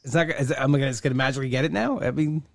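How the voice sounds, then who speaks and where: A man's voice: mid-range voice, racing, vocal fry, no room sound. A man hosting a casual conversation, telling rambling, self-deprecating stories.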